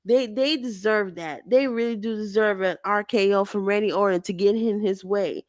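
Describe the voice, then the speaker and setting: A woman's voice: medium pitch, normal speed, dry recording, studio quality. A woman hosting her own show, chatting through a wrestling recap in a rambling way, often correcting herself. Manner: rambling, self-correcting, animated. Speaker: show host.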